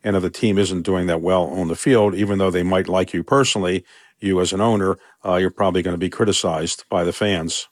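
An older man from Baltimore answering questions in a radio interview, speaking in a measured, conversational way. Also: low-pitched, steady tone, no room sound, studio quality. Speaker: interviewee, sports team owner.

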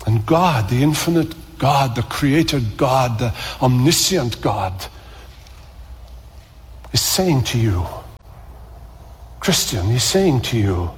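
A man's voice: mid-range voice, animated, slow, pauses often, big-room sound, slight background noise. A man preaching a sermon in a church, earnest and building emphasis through repeated phrases.

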